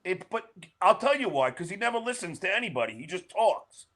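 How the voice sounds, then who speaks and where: Male podcast guest, bright and high, loud animated storyteller. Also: brisk. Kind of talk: casual chat.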